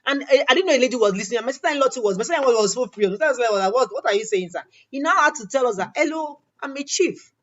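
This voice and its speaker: Animated woman host, lo-fi sound. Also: a little high, racing, few pauses. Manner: animated, quotes others in acted-out dialogue. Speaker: interview host. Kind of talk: storytelling in a conversational interview. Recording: dull lo-fi audio.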